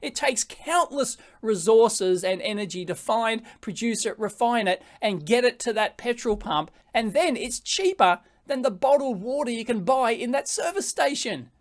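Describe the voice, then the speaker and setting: An Australian man giving an animated classroom presentation to high school students, joking and going off on tangents. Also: moderate pace, hardly any pauses. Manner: animated, jokey, prone to tangents.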